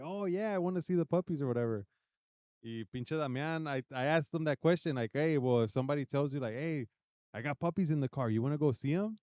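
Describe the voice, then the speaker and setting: A man's voice: mid-range voice, darkish tone, clean tone, no room sound, muffled recording. A young man from South Central Los Angeles, hosting a casual podcast chat, swearing often and switching between English and Spanish. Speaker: podcast host.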